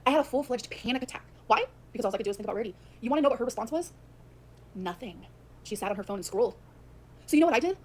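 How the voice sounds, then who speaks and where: A woman livestreamer venting about a relationship in rapid, emphatic storytelling that repeats its lines. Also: a little high, lively intonation, darkish tone, a little hiss or hum.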